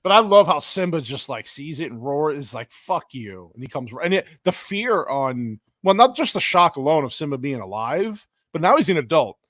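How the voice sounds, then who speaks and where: Lively, expressive man chatting. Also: a little high, normal speed, hardly any pauses, dry recording, studio quality. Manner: animated, swears often, acts out characters' lines. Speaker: podcast co-host. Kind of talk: casual movie reaction chat.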